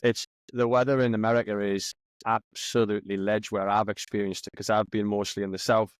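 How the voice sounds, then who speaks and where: A man's voice: fairly low pitch, little pitch movement, fairly quick, smooth, no echo. A young man with a Geordie accent, a podcast guest chatting casually with banter and heavy local slang. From northeast England. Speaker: podcast guest, soccer captain. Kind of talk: casual chat.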